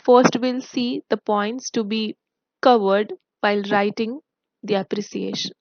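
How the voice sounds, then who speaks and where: A woman teacher explaining a poem's devices to her students in a recorded online lesson, speaking in a measured, explanatory way. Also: medium pitch, fairly even intonation, no echo, highs cut off. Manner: slow, explanatory, addresses students. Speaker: school English teacher.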